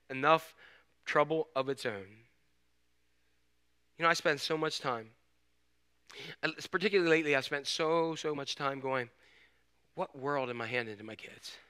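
A middle-aged male pastor preaching a sermon in an animated, conversational way, swinging from loud emphasis to hushed asides and asking rhetorical questions. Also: fairly high pitch, smooth.

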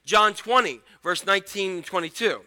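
Bright, high-voiced male pastor preaching. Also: normal speed. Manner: conversational and animated, acting out the scripture scenes. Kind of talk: sermon.

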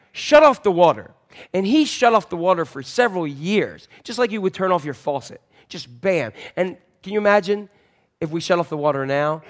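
Here a pastor whose voice sits on the high side narrates a Bible story from the pulpit via wireless mic. His sermon is lively and jokey, and he readily makes fun of himself.

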